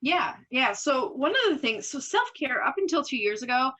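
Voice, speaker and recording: Bright-voiced woman, candid and laughing. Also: high-pitched, sing-song, rough recording. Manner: candid, quick to laugh, acts out her own past thoughts. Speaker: podcast guest, business owner. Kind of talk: casual interview chat.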